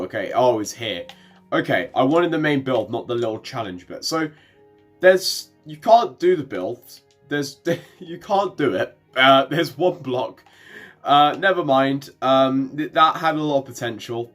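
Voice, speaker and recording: A man talking through a video game in a loose, unscripted way, often stopping mid-sentence to correct himself. His voice sits at a middle pitch, with faint music playing underneath. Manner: rambling, self-correcting, frequent ums and short laughs. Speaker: gaming YouTuber. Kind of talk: casual gameplay commentary.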